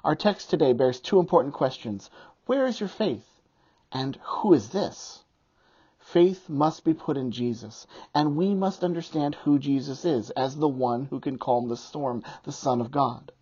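A pastor delivers a sermon, reading scripture in an unhurried preaching cadence. The voice is mellow and somewhat husky. The recording is muffled and lo-fi. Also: medium pitch. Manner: reads scripture aloud in a measured preaching cadence.

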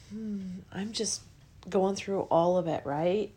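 A woman hosting a podcast and leading a guided emotional release, speaking soft repeated affirmations that drift into whispers while she is tearful. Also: medium pitch, slow, husky. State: tearful, crying with a running nose. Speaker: podcast host.

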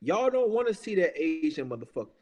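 A man's voice: a little high, sing-song, fast, darkish tone, in a large hall, dull audio. A man ranting in a heated, casual podcast chat. He is profane and emphatic, repeats himself and keeps saying "bruh". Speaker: podcast talker.

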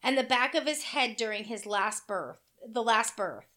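A woman co-hosting a casual podcast chat, blunt and crude, cracking dark jokes and swearing freely. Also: a little high, expressive, normal speed. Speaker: podcast co-host.

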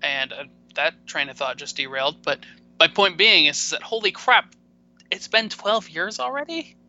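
A man's voice: fairly high pitch, expressive, normal speed, bright, forceful tone. A man co-hosting a casual sports podcast, rambling and searching for words, poking fun at himself. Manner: rambling, loses words, self-deprecating. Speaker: podcast co-host. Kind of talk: casual hockey chat. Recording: dull, muffled mic sound.

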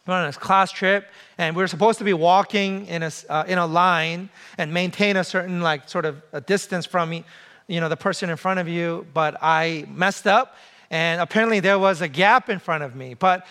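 High-voiced man preaching with humor. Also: normal speed, sharp tone. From came to the US as a child. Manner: conversational preaching with humor and rhetorical questions. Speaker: pastor. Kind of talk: sermon.

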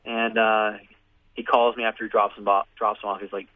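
A man's voice: on the low side, fairly quick, dry recording. Man telling a story over radio. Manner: animated, acts out quoted voices. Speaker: guest telling his story. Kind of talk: casual storytelling. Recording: phone-like radio audio.

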